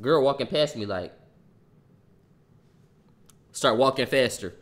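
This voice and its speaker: A young man telling a story on a livestream in casual chat, animated and profane, breaking off to react to viewers' comments. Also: medium pitch, slow pace.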